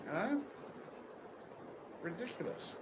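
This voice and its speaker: A man's voice: sits high, big pitch swings, takes it slowly. An Australian man livestreaming outdoors near a beach, talking bluntly and swearing constantly in casual chat. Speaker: livestream host. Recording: outdoor street noise with traffic.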